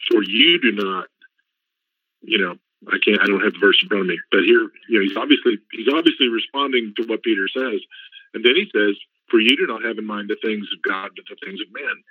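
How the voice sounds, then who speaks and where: A man's voice: lowish voice, dry recording, phone-quality sound. A man joining a Bible study discussion, giving his view in a casual, thoughtful way.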